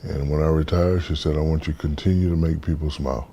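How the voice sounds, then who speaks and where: A man in his fifties from the United States, an interview guest telling stories in a relaxed, casual way and acting out the voices in them. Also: very deep voice, fast talker, highs cut off, slight background noise. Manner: relaxed storyteller, acts out quoted dialogue.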